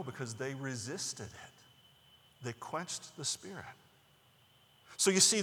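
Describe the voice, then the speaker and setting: A man giving a conversational sermon lecture, talking in an animated way to the people listening. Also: fairly high pitch, long reverb tail. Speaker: teacher or preacher.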